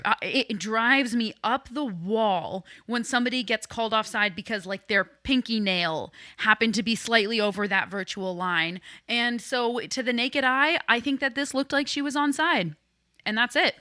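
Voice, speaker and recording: Co-host: woman, young, opinionated, bright tense voice, dry sound. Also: a little high, dry recording. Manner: opinionated, laughing easily. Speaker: podcast co-host. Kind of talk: casual sports chat.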